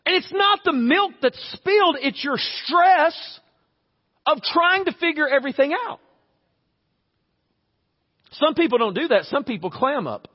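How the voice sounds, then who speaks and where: A pastor with a strikingly high voice delivers a chatty, funny sermon, slipping into quick everyday scenes. His voice rings out through a long church-hall reverb, and the recording sounds a little dull. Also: animated. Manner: conversational, humorous, acts out little scenes. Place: church sanctuary.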